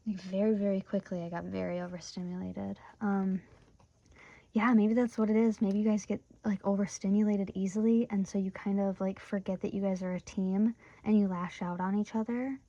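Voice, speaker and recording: A woman's voice: mid-range voice, little pitch movement, moderate pace, dark tone, no room sound, highs cut off. A woman in her twenties from Michigan giving a casual tarot reading, chatty and full of "like" fillers, openly talking through her feelings. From Michigan, USA. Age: 20s. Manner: chatty, heavy use of "like" fillers; emotionally open, talks through her feelings. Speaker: tarot reader.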